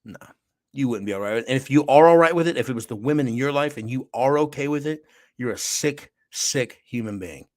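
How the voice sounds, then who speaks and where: A man, a pastor hosting his own show, giving an impassioned monologue, repeating phrases for emphasis and swinging from near-whispers to forceful lines. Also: medium pitch, a little fast, dry recording, clean studio sound.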